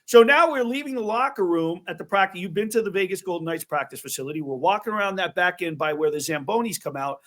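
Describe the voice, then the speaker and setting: A man hosting an interview, telling stories in an animated way with quick asides. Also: sits high. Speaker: host. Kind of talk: casual interview chat.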